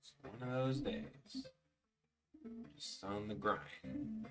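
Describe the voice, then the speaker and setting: A man's voice: lowish voice, drawn-out words. A young man animating on a live stream, telling rambling, profane stories in casual chat and mimicking people. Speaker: animator streaming his work. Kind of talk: casual storytelling chat while drawing. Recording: voice a bit far from the mic, faint music behind.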